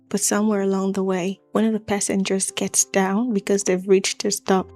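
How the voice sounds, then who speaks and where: A woman's voice: medium pitch, a little mellow. A woman telling a true-crime story in a conversational, explanatory way, listing things in short phrases. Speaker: channel host and narrator.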